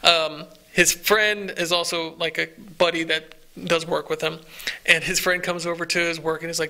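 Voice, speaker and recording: A man's voice: on the high side, little pitch movement, normal speed, creaky, pushed and bright. A man co-hosting a casual podcast chat, rambling eagerly with many restarts. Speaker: podcast co-host.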